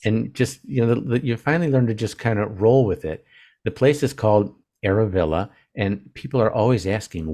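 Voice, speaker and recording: An older man, an author guest in an interview, talking casually in a halting, earnest way with many restarts. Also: fairly low pitch, a little mellow.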